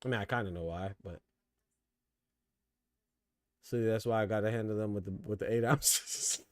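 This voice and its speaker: A man's voice: on the low side, normal speed, darkish tone, no echo, studio quality. Slangy male boxing podcast host. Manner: loose slangy talk, laughs hard at jokes. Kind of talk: casual live commentary.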